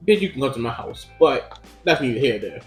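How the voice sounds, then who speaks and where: Young man, casual storyteller, loose and profane, mid pitch, echoey room, faint music under. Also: big pitch swings, quick pace. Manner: profane, rambling storytelling with many fillers. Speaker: podcast co-host. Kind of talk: casual chat. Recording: roomy echo.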